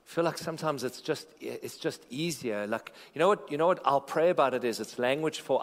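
A man preaching a sermon in a church, animated, repeating phrases for emphasis and joking with the congregation. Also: mid-range voice, a little fast, hardly any pauses, long reverb tail. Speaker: pastor.

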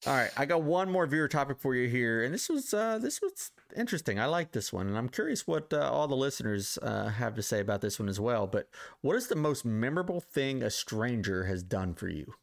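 A man co-hosting a casual podcast, introducing listener topics and telling an anecdote, with relaxed "uh" fillers. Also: mid-range voice, brisk, gravelly, hardly any pauses. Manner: easygoing, with "uh" fillers and restarts. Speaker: podcast co-host. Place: live-streamed podcast studio.

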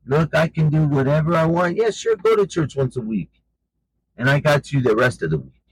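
A man's voice: a little high, very animated, normal speed, breathy edge, no echo, pitched above the performer's own voice, poor audio. A man voicing mocking demons who taunt and scorn, in a sneering tone.

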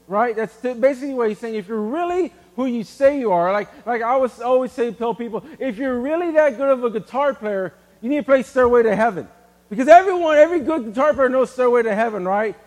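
A man preaching a sermon in a casual, animated way, using everyday examples. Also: very high-pitched, fairly quick, big-room sound. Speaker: pastor.

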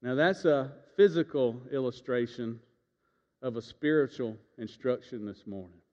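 A man whose voice is on the high side and a little mellow preaches a sermon in a church sanctuary. He shares a folksy personal story and draws the congregation into call-and-response, captured in a reverberant, dull lo-fi recording.

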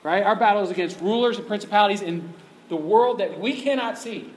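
A man with a notably high voice preaches to a youth audience, emphatic and conversational, leaning on repeated rhetorical checks. He sounds like he's in an echoey room, with a faint hum of noise behind him. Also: a little fast. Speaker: youth ministry speaker. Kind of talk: sermon.

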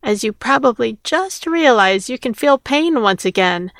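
A woman reading a calmly menacing big man. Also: on the high side, unhurried, no room sound, studio quality. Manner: calm threatening. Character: calm firm large man who appears as a guardian.

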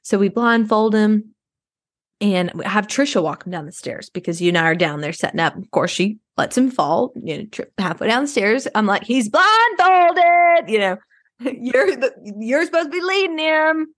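An actress playing a self-absorbed rich suburban adoptive mom in an improvised comedy podcast, rambling and oversharing. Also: female voice, medium pitch, lively intonation, normal speed, no room sound, studio quality, lightly acted. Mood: rambling, chatty.

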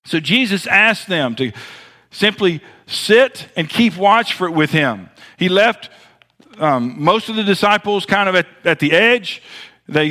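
A man from the American South with a Southern accent, preaching a sermon as pastor with dramatic pauses and big swings in loudness. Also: sits high.

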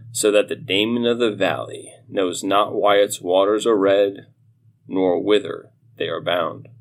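A man co-hosting a podcast, reading a horror story aloud in a measured, deliberate way. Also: lowish voice. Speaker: podcast co-host, story reader. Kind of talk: slow dramatic reading of a horror tale.

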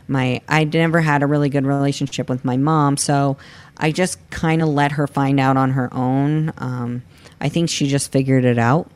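A man in his thirties from Florida, telling his own story in an interview with a candid, halting manner. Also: mid-range voice, clear, resonant tone. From Florida, United States. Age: 30s. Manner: candid, halting, with many restarts and fillers. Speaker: guest. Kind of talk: personal interview.

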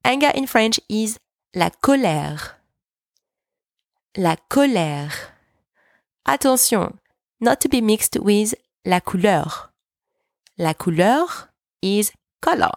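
A woman hosting a language lesson podcast, speaking slowly and clearly and repeating each phrase so listeners can practice. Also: mid-range voice, expressive, no room sound, clean studio sound. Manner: slow, careful, repeats French words for practice. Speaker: French teacher, podcast host.

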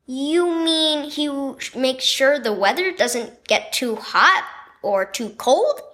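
A woman's voice: sits high, takes it slowly, fairly bright tone. A woman voicing a curious little girl in a children's storybook devotional, asking questions. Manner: wondering, questioning.

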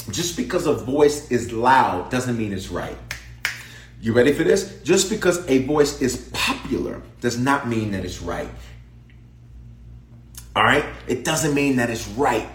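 A male bishop preaching a sermon, his voice swooping high and low as he calls out and repeats lines to his congregation. He moves from hushed asides to shouted peaks. The sound carries the echo of a church room. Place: church sanctuary.

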